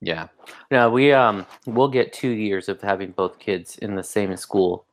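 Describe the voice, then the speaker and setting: A man's voice: fairly low pitch, measured pace. A man co-hosting a podcast in casual chat, telling loose, profane stories full of fillers. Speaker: podcast co-host, school principal.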